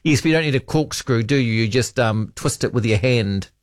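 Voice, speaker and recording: Reading out listener texts on talkback radio, this host chats casually and frequently trails off into hesitant ums. He speaks fairly quickly at a medium pitch, with clean studio sound and no echo.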